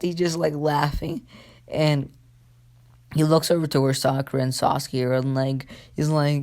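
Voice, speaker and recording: A man's voice: fairly high pitch, steady tone, normal speed, darkish tone. A man casually telling a fan story, rambling and swearing with many fillers.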